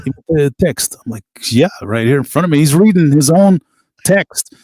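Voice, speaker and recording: Middle-aged musician guest, chatty and animated, dry close mic, lively pitch. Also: male voice, moderate pace, husky, dry recording. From United States. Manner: animated anecdotes with laughs and quoted voices. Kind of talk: casual storytelling interview.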